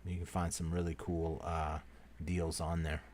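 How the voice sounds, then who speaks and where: Male live-stream host, very low voice, calls names loudly, then drops to quiet asides. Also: level tone, unhurried. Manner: apologetic, repeating "so sorry, my friend" to each name; swings between loud call-outs and quiet asides. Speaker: livestream host running a giveaway. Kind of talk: casual live-stream commentary.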